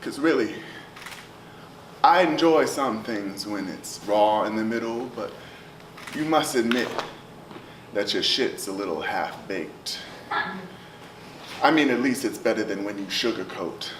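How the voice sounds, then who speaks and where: A man performing spoken word poetry, rhythmic and chanting, with swings from loud to hushed. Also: fairly low pitch, lively intonation, a little slow, long pauses. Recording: roomy, distant live recording with noise.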